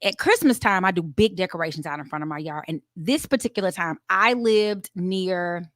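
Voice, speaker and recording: A woman, co-hosting a casual talk show and telling stories in an animated, excitable way. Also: lowish voice, moderate pace, no echo, studio quality. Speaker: co-host.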